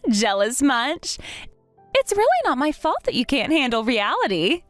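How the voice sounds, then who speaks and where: A woman plays a snobbish young bride with a lively, swooping voice that drips with mockery. Her delivery is haughty and condescending, recorded dry and close, with faint music behind. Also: high-pitched, measured pace, no room sound, pitched above the performer's own voice. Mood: mocking. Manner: mocking, haughty. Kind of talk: dramatized story voice acting.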